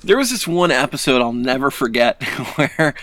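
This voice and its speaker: A man's voice: medium pitch, very animated, normal speed, a bit bright, dry recording. A young man co-hosting a podcast, telling stories in casual chat, laughing and acting out quotes. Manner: laughing storyteller, acts out quotes. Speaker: podcast co-host.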